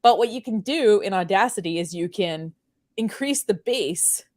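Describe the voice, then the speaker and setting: A woman's voice: mid-range voice, animated, normal speed, a little mellow. A woman with a French Canadian accent hosting a casual chat, rambling with many fillers. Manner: chatty, rambling, lots of fillers. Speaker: host.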